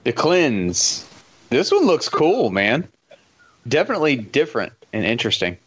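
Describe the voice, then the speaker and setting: A man co-hosting a podcast, chatting casually, blunt and quick to laugh. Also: mid-range voice, big pitch swings, a bit bright, husky, muffled recording. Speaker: podcast co-host. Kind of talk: casual chat.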